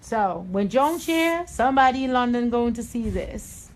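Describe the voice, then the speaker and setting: Sassy Jamaican woman stylist, high voice. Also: lively intonation, a little slow, a little hiss or hum, rough recording. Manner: sassy, calls listeners honey. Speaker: hairstylist host. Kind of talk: chatty live-stream hair tutorial.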